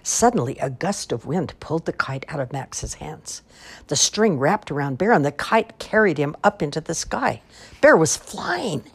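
A woman reading children's storybooks aloud with lively, expressive delivery. Her low voice is a little husky, and her melody rises and falls a lot from line to line. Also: moderate pace. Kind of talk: animated storybook read-aloud.

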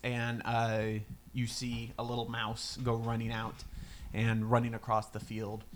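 A man's voice: medium pitch, a little slow, slight background noise. Laid-back guy running a tabletop game, laughs a lot. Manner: relaxed, laughs often, easygoing. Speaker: game master.

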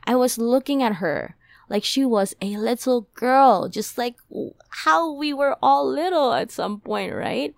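A woman's voice: on the high side, animated, a little slow, vocal fry, no room sound, clean studio sound. A young adult woman hosting a podcast, telling a personal story in a chatty, emotional way with many fillers. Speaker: podcast host. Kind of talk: casual storytelling monologue.

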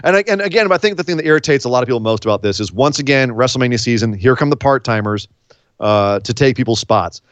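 A man co-hosting a casual wrestling talk show, ranting sarcastically and mocking with quick impressions. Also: medium pitch, lively intonation, dry recording. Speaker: podcast co-host. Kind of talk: casual wrestling commentary chat.

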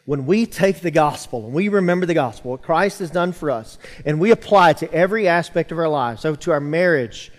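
A man preaches to his congregation in a church sanctuary, his voice sitting a little high for a man. He builds emphasis and calls out to the room. The sound rings with a long hall reverb. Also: expressive, brisk, few pauses. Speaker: pastor. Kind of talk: sermon.

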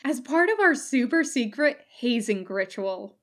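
A woman reading a young female ninja who jokes and teases, slowly and a bit higher than her narration. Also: big pitch swings, fairly bright tone. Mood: teasing. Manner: joking, teasing.

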